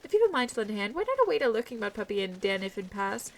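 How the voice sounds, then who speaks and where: A woman's voice: medium pitch, very animated, racing. A woman reading a folksy camp cook. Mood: chatty. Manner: folksy, old-fashioned chatter. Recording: faint music behind.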